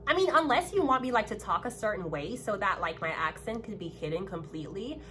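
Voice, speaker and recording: A woman's voice: medium pitch, lively intonation, brisk, pushed and bright, slight background noise. A Jamaican woman in her thirties giving a casual, emphatic tarot reading, talking animatedly and repeating her points. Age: 30s. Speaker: tarot reader.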